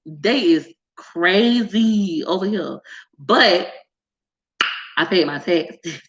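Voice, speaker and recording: Woman vlogger, lively slangy storyteller, mid pitch, echoey room. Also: takes it slowly, muffled recording. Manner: animated, slangy storytelling, laughs often. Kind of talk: casual chat.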